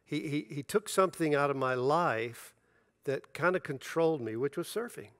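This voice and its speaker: A man's voice: on the high side, normal speed, no room sound, clean studio sound. A middle-aged man preaching a sermon as pastor, telling personal stories with animation and acting out the dialogue. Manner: storytelling, animated, acts out dialogue with laughter.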